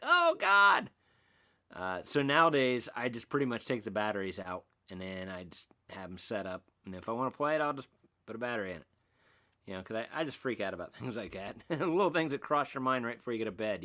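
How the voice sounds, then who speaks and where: A man's voice: fairly low pitch, lively intonation, fast talker, a bit bright. A middle-aged man hosting a casual livestream, rambling and self-mocking as he reads out and answers chat comments. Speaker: livestream host.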